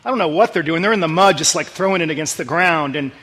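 Speaking fast in a room with a big, open sound, this pastor preaches with earnest, conversational warmth. He lowers his voice to a quiet hush for the scripture passages.

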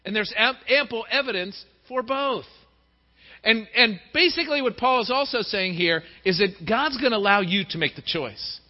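A middle-aged male pastor with a high-pitched voice preaches in a church at normal speed. He's lively and acts out the voices of people he quotes. The recording sounds dull, captured in a reverberant hall.

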